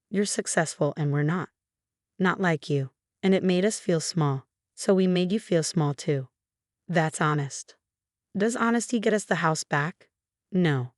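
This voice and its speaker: Woman narrator in her thirties, deep voice, flat steady delivery, dry recording. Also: no room sound. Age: 30s. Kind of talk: scripted story narration.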